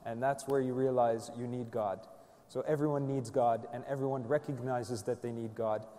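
A man on a panel talking in a relaxed, joking way. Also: mid-range voice, moderate pace. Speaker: panel guest. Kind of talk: casual talk. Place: conference hall. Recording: long reverb of a conference hall.

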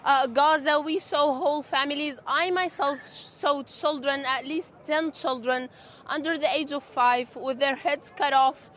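Woman, field reporter, high voice, urgent halting delivery, faint outdoor noise behind. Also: fairly even intonation, fairly bright tone. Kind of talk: live news report. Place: outdoors at a hospital.

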